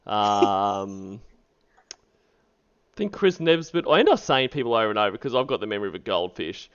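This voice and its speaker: Male streamer, chatty and giggly, smooth lively voice, dull lo-fi audio. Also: fairly low pitch, moderate pace. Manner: laughs often, rambling shout-outs. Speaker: streamer host. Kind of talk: casual stream chat.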